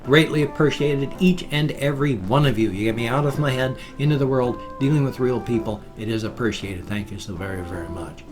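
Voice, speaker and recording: An older man vlogging alone, talking casually and in a folksy, rambling way, his sentences often trailing off softly. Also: medium pitch, fairly quick, hardly any pauses, over music. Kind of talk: casual vlog monologue.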